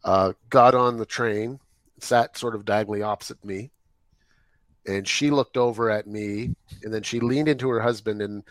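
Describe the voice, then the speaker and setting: A man's voice: fairly low pitch, fairly even intonation, normal speed, no room sound. A man in casual podcast chat, telling wry stories with hesitant fillers.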